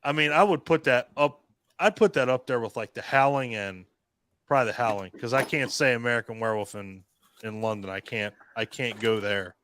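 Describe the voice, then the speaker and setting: A man's voice: mid-range voice, fairly quick, fairly bright tone, clean tone, dry recording. Profane, joking man hosting a hangout. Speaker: host of a live online hangout. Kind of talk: casual chat.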